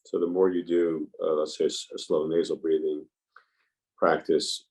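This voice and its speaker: Man, very deep voice, meditation host, thoughtful, hedging questions, video call. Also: flat delivery, moderate pace, darkish tone, rough recording. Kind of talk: hosting a group video call.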